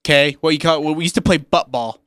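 A man hosting a sports talk show, playful and rambling, easily excited. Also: fairly high pitch, fast, clear, resonant tone, no room sound. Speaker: sports radio host.

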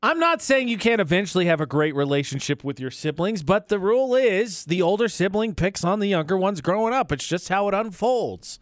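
A slightly high-voiced man hosts morning radio from a studio, chatting and spinning stories with frequent laughs. The sound is close and dry, with no room around it. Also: a little fast, hardly any pauses, no room sound. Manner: storytelling, laughs often, animated. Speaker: radio morning show host. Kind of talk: casual radio banter. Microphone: studio microphone.

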